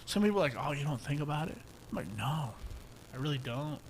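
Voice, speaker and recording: A man's voice: on the high side, fast talker, slight background noise. Profane young man telling stories on a podcast. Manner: profane, animated storytelling, acts out quotes loudly. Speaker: podcast co-host. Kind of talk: casual podcast chat.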